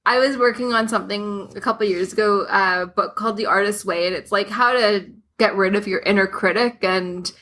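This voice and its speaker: A woman guest on a podcast speaks with a bright, forward tone. She talks casually and wryly, poking fun at herself. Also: medium pitch, fairly quick, few pauses. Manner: wry, laughs easily.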